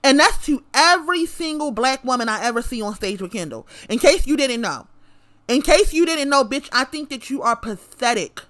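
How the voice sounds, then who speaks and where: A woman's voice: high voice, animated, normal speed, fairly bright tone. A woman delivering a profane, confrontational rant straight to camera, repeating her lines for emphasis. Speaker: vlogger.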